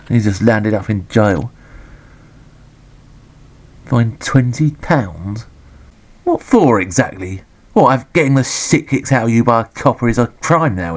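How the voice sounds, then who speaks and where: A man giving sweary, deadpan, sarcastic commentary on a retro game. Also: medium pitch, measured pace, long pauses.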